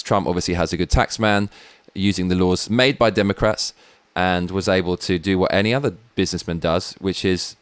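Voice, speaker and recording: Blunt, sweary British man with a low voice. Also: clean tone, no echo. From Britain. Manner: blunt and sweary, rambling asides. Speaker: show host. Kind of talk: opinionated political commentary.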